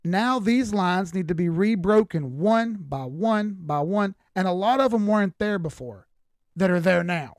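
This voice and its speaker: A man's voice: high-pitched, measured pace, no echo. Southern US man, middle-aged, raised voice, dry close sound, blunt folksy chart talk. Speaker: crypto chart analyst. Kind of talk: live-stream chart commentary.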